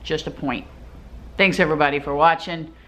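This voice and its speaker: A woman's voice: sits low, fairly even intonation, fairly quick, fairly bright tone. A woman vlogger telling a travel story to camera in a chatty, easygoing way, laughing now and then.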